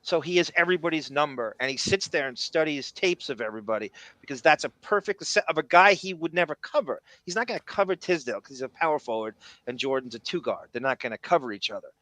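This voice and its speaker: A man's voice: fairly high pitch, expressive, fast talker, few pauses, fairly bright tone, dry recording. A man hosting a podcast, talking in an enthusiastic, rambling way with frequent restarts. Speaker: podcast host. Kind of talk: casual chat.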